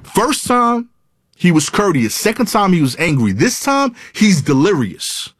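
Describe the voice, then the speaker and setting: A man telling a comic personal story, animated and building suspense through repetition. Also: high-pitched, measured pace, noisy background.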